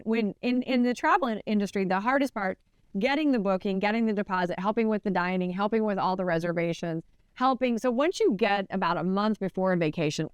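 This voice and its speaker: Podcast co-host, woman, conversational storyteller, smooth clear voice, close and dry sound. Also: no echo. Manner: animated retelling, voice rising high when quoting; chatty, many restarts and "like" fillers. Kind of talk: casual storytelling chat.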